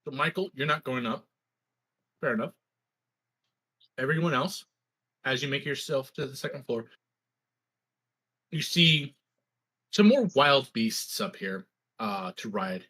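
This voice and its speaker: Teasing, lively male game master. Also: medium pitch, a little slow, pauses often, husky. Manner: playful, teasing. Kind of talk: narrating a tabletop game.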